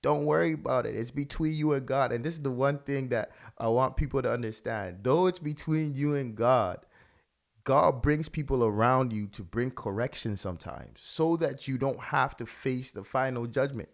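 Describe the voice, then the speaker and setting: A man's voice: medium pitch, moderate pace, vocal fry. A man, a pastor, giving religious video commentary with impassioned, repetitive phrasing.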